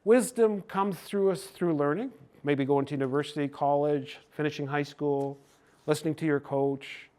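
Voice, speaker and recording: An older Canadian man giving a gentle, folksy storytelling talk to a hockey team. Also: a little high, steady tone, normal speed. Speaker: speaker on cultural mindfulness.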